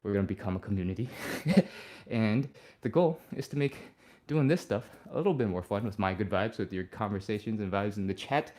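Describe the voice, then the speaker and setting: A man leading a live stretching workout as the instructor. He talks through each move in a relaxed, upbeat way and sighs and breathes audibly between cues. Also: fairly low pitch, a little fast. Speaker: fitness instructor.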